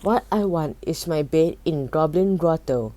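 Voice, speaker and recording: A woman's voice: sits low, animated, a little slow, mellow. A woman voicing a grumpy, fed-up male goblin who whines and complains. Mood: complaining. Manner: whiny, complaining.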